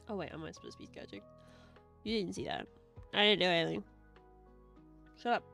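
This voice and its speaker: Chatting casually with her viewers and reading their messages, a young woman streamer speaks in a lowish, creaky voice with a fairly bright tone. She giggles a lot, gushes, and swears freely while faint music plays in the background.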